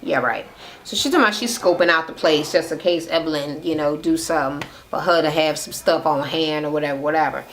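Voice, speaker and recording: A woman's voice: sits low, a little fast, a bit bright, a little hiss or hum. A sassy, blunt woman chats straight to her camera, tossing out slangy, profane comments in a casual recap. She talks indoors under a ring light, close to the camera mic. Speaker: reality TV recap vlogger. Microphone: camera mic at close framing.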